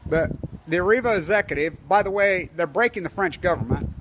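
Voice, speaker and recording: An agitated man rants into a handheld camera outdoors at a street protest, his voice sitting a little high for a man. He rambles from point to point with a conspiratorial edge, and faint traffic hums behind him. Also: expressive, fairly quick. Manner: agitated, conspiratorial, tells stories with quoted dialogue. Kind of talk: self-filmed protest vlog, rambling commentary. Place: outdoors on a street outside an office building.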